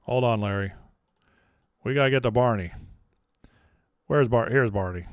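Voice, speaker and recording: A man's voice: medium pitch, normal speed, no room sound. A man hosting a political commentary vlog, talking in a chatty, opinionated, offhand way. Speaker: host.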